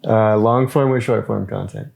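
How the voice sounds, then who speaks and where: Deep-voiced man hosting a podcast. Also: fairly even intonation, vocal fry, a little mellow, slightly rough, no room sound. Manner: brisk, repeats "okay" between questions. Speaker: podcast host. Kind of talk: casual podcast interview.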